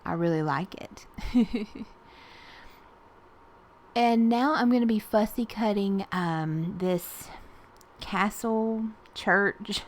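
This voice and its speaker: A Southern woman from Tennessee chatting casually through a voice-over as she makes a collage art journal page, rambling with fillers and soft laughs. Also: mid-range voice, very slow, pauses often. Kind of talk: casual voice-over narration while crafting.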